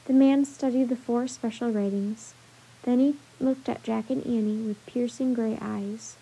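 A woman's voice: a little high, fairly even intonation, unhurried, vocal fry, dark tone, breathy edge, poor audio. Woman reading a children's book aloud. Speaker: storyteller.

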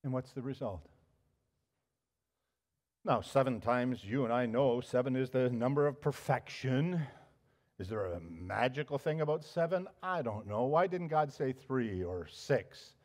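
A male pastor preaching a sermon, telling a story with animated emphasis and frequent restarts. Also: medium pitch, measured pace.

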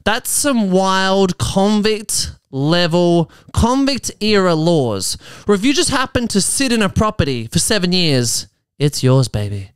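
This man hosts a podcast from his apartment, speaking in a smooth, high voice that moves a little slowly. He reads out articles and jokes about them in a lively way, dropping into mock voices, with no room sound in the recording.

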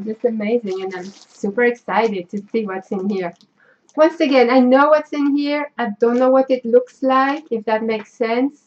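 Slow, gushing French-accented woman. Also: a little high, dull audio. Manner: effusive, sentimental, gushing thanks. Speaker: craft vlogger. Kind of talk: casual unboxing chat.

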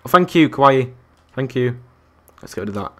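A young man commentating his Minecraft survival game, chatty and excitable, talking to the animals and to his viewers. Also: medium pitch, a little fast. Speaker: gaming YouTuber. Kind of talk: Minecraft let's-play commentary.

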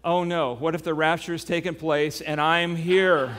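A man's voice: a little high, fairly even intonation, moderate pace, fairly bright tone, slight background noise, lightly acted. A man voicing a frantic, panicked boy pleading to God. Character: panicked boy fearing he was left behind.

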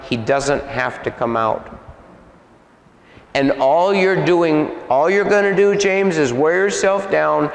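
A man voicing God as a calm, firm male voice in an echoey hall. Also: on the high side, takes it slowly, gravelly. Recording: echoey hall with long reverb.

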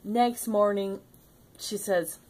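A woman's voice: mid-range voice, steady tone, takes it slowly, darkish tone. An older woman vlogging in a casual, playful storytelling way, laughing often.

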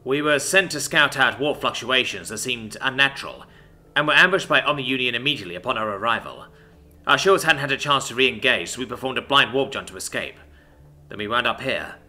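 Nervous male reptile ship captain, hesitant and formal, bright forceful tone, read by a man. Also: mid-range voice, lively intonation, fairly quick. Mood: subdued.

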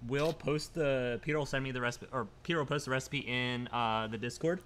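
A man with a bright, sharp-edged voice chats on a brewery live stream, stumbling and restarting as he reads viewer votes. His delivery is loose and conversational. Faint noise hums under the recording. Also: mid-range voice. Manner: chatty, halting, restarts and laughs. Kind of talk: casual live stream chat.

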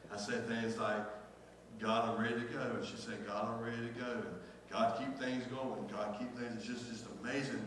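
A man's voice: mid-range voice, little pitch movement, normal speed, a bit bright, a little hiss or hum. Middle-aged male pastor, emotional sermon, roomy hall reverb, distant mic. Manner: emotional, repeats phrases, calls out to the congregation. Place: church sanctuary. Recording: echoey church hall from far off.

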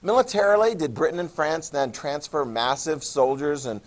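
A man teaching a history class, lecturing in an animated way and quizzing students. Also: on the high side, normal speed. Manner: animated, acts out countries in jokey voices; asks the class questions.

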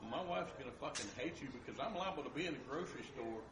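A man riffing crudely and quickly in joking after-show chat at a comedy club. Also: a little high, expressive, background noise. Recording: echoey room with crowd.

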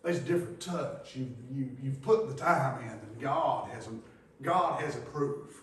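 A male pastor preaching a sermon in a church, moving from quiet scripture reading to loud, fervent exhortation with folksy grammar. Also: mid-range voice, measured pace, distant mic. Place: church sanctuary. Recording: very echoey church hall from afar.

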